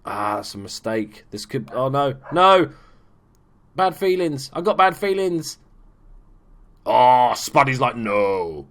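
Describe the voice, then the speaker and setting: Excitable man narrating a game. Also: medium pitch, a little slow. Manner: chatty, swears, bursts into excited shouts at goals. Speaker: gaming YouTuber. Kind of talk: casual let's play commentary.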